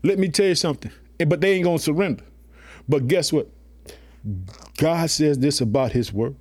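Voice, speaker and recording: Here a man with a higher, darkish voice preaches at an ordinary pace. Calling his audience family, he speaks colloquially and with emphasis, repeatedly dropping "guess what" and "let me tell you something."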